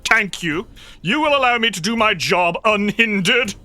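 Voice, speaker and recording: A pompous armored officer of the law barks orders and stumbles through rule numbers, put on by a game master. The voice sits well above the narrator's own and comes out loud and officious. It is brightly toned. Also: mid-range voice, expressive, moderate pace, voice pushed up. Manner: officious, stammering, cites legal codes; loud and commanding.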